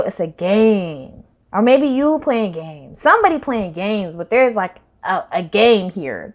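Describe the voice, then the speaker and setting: Slangy woman giving a tarot reading. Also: on the high side. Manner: slangy, rambling, swings loud and soft. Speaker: tarot reader. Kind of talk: casual spiritual reading to camera.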